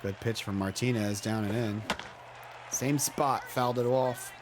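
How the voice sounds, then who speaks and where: A man in his thirties doing casual play-by-play of a baseball video game, chatty and joking, with excited outbursts. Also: medium pitch, measured pace, a crowd in the background, noisy background. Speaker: play-by-play commentator.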